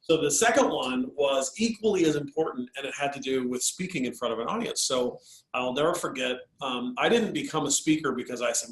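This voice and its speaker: A man tells a personal story to a host in a relaxed, animated way. His voice sits mid-pitched and he leans on easy fillers. The room around him rings a little. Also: brisk, roomy sound, poor audio. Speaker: guest speaker. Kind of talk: casual storytelling.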